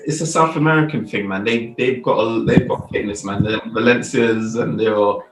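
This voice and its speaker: A man's voice: fairly low pitch, normal speed, distant mic. A man chiming in on a casual football chat, laid-back and slangy in his remarks. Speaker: football podcast panelist. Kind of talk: casual post-match chat. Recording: echoey room, away from the mic.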